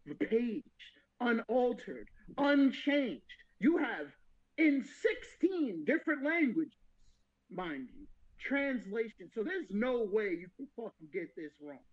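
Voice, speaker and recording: Very high-voiced man ranting animatedly. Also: slow, lo-fi sound. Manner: animated, profane, laughing ranting. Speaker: podcast co-host. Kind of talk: casual comedic rant.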